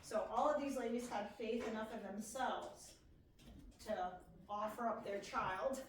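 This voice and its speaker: A woman's voice: fairly high pitch, measured pace, slight background noise. A woman librarian with a Pennsylvania accent moderating a library author panel, encouraging and enthusiastic. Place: library meeting room. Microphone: far room mic. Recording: echoey room from far off.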